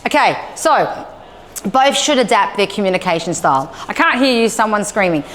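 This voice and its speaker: A woman's voice: medium pitch, normal speed. Woman presenter in a reverberant hall. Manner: lively storyteller who acts out dialogue and checks in with listeners. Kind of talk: live talk to homeschool families. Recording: long hall reverb with faint noise.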